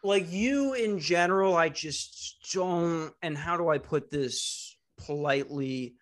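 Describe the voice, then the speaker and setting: A man's voice: a little high, slow, a bit bright. A man hosting a casual podcast over a video call, teasing and crude with his guests. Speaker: podcast host.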